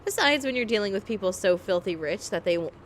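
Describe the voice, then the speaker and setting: An American woman streamer reading a visual novel aloud and chatting in an animated, jokey way, often laughing. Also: mid-range voice, quick pace, a little hiss or hum.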